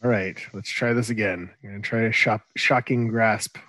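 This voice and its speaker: A man's voice: lowish voice, fairly even intonation, normal speed, fairly bright tone, dry recording, poor audio. A man playing a tabletop game, describing his moves in a confident, playful way. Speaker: player.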